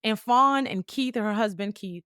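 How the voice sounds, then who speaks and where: A woman in her late thirties, hosting a podcast, tells a personal story in a lively, conversational way with casual slang. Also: medium pitch, measured pace, smooth, no room sound, studio quality. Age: late 30s. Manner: lively, conversational, acts out quoted dialogue. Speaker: podcast host.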